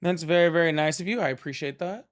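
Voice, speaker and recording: Man hosting a political call-in stream. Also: fairly high pitch. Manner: argumentative, quick to press callers. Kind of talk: casual live-stream talk.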